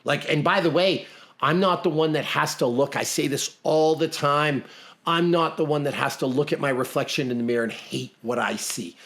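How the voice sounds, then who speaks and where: A man's voice: a little high, normal speed, a bit bright. A middle-aged man from Canada co-hosting a podcast, talking bluntly and emphatically in casual motivational chat, often repeating himself. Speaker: podcast co-host.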